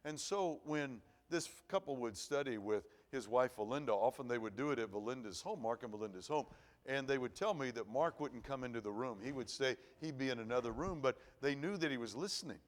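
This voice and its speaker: A man's voice: mid-range voice, lively intonation, a little fast. A middle-aged man preaching at an evening church service, telling a personal story in a folksy, earnest way. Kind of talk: sermon. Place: church auditorium.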